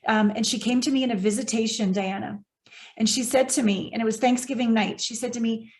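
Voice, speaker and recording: A woman's voice: on the high side, a little fast. A woman hosting a podcast interview, talking earnestly and close to tears as she opens up. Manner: earnest, tearful, affirming listener. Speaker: podcast host. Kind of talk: emotional interview conversation.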